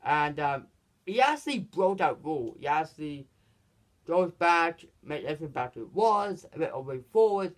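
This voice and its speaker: A man's voice: fairly high pitch, sing-song, normal speed. Rambling man recapping a film. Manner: rambling, lots of restarts and "basically". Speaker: movie reviewer. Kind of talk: casual movie recap.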